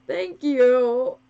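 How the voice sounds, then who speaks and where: A fursuit maker with a high, gravelly voice chats casually with her live-stream viewers while she sews, slow and unhurried in getting her words out. She giggles often and pokes fun at herself. The tone is clean but muffled, recorded on the wrong microphone.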